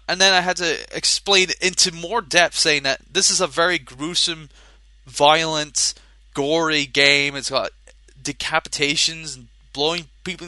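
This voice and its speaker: A man's voice: fairly high pitch, pushed and bright, no room sound. A Scottish man co-hosting a podcast, ranting in exasperation with lots of swearing and stumbling restarts. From Scotland. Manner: restless, stumbling, self-interrupting delivery. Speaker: podcast co-host and game shop worker. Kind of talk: casual podcast rant.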